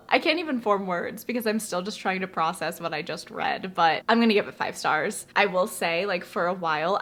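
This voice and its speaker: A woman's voice: on the low side, fairly bright tone. A young woman in a casual reading vlog, gushing and breathless, laughing between phrases and teary. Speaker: book vlogger.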